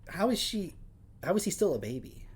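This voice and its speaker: High-pitched and sing-song, his voice runs a little fast, with a darkish, slightly rough tone. The man is hosting a livestream, reading passages out and cutting in with wry, sarcastic questions, keeping things casual.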